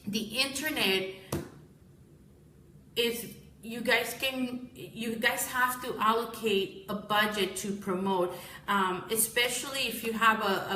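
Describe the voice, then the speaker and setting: A woman's voice: medium pitch, pushed and bright, slight background noise. Tired woman business owner talking casually to a live-stream audience, chatty and self-correcting, roomy echo. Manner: rambling, self-correcting, addresses viewers as guys.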